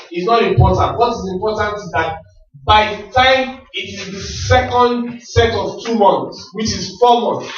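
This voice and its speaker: A man with a high voice gives a motivational rally talk. He preaches in rhythmic questions that he answers himself. He sounds distant in a very echoey hall, and the sound is muffled. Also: fairly bright tone. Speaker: motivational speaker at a business rally.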